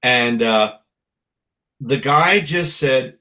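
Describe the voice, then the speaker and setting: A man from San Francisco, a guest musician telling lively anecdotes in a casual interview. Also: on the high side, moderate pace. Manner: lively storyteller, acts out voices.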